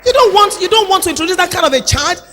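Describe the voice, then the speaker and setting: A woman in her fifties with a Nigerian accent, preaching a sermon with emphatic rhetorical questions that rise to shouts. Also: very high voice, expressive, fast talker, a little hiss or hum. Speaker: pastor. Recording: long hall reverb with faint music.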